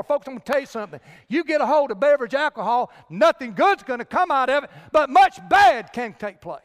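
Preacher, male, very high voice, emphatic pulpit delivery, long hall reverb. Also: expressive, brisk, hardly any pauses, a bit bright. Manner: emphatic preaching, addresses the congregation directly. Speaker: pastor. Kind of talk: sermon.

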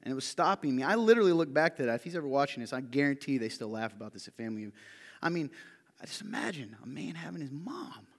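Male pastor, mid-pitch, animated sermon delivery with personal anecdotes, long hall reverb. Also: fast talker. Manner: animated storytelling, shouting when quoting a friend.

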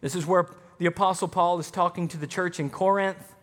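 Man, pastor, sermon, high voice, long church reverb. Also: steady tone, brisk. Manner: emphatic preaching with rising, punchy lines.

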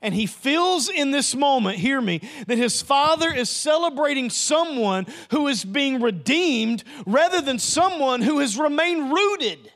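Pastor guy with a high voice, preaching, keeps repeating lines, goes loud then real quiet. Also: lively intonation, measured pace, few pauses. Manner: emphatic and repetitive, swinging between loud and hushed. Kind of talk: sermon.

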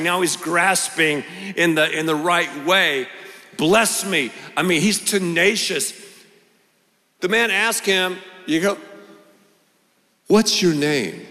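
A pastor preaching a sermon with animated, emphatic delivery and lots of repetition. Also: male voice, high voice, big-room sound.

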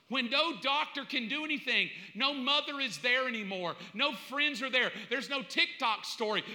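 A man preaching a sermon in an animated way, acting out little scenes and laughing as he goes. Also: very high voice. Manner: animated, acts out voices, laughs. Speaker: pastor. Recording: long hall reverb.

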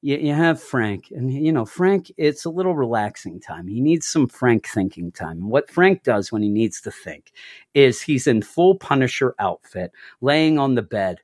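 A man's voice: mid-range voice, expressive, moderate pace, darkish tone, no room sound, studio quality. A man hosting a casual chat, retelling a comic story animatedly and acting out the quotes. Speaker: podcast host.

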